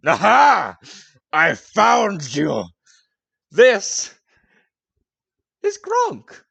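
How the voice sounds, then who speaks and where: A man voicing a drunk, blustering male Goliath who barges in shouting and rambling. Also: deep voice, animated, normal speed.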